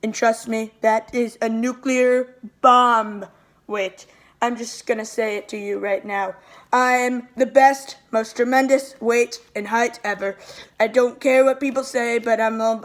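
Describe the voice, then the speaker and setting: A woman's voice: on the high side, lightly acted. A woman playing a petty, self-pitying male president who rambles and repeats nicknames in a comic impression. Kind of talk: comedic impression monologue.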